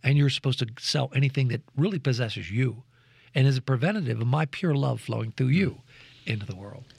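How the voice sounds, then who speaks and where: A man tells a personal story with earnest, preacher-like conviction and slips into the voices of the people in it. His speaking voice sits at a middle pitch, and the recording is close and dry. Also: brisk, vocal fry, breathy edge, dry recording. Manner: lively storyteller who acts out quoted voices. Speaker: program co-host sharing reflections. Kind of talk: animated storytelling reflection.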